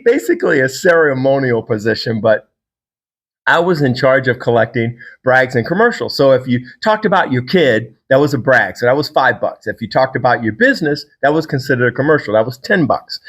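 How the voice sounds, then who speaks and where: A man from Virginia hosts a solo podcast as a fitness trainer. He tells stories in a casual, enthusiastic and rambling way. His voice sits at an everyday middle pitch. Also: fairly bright tone.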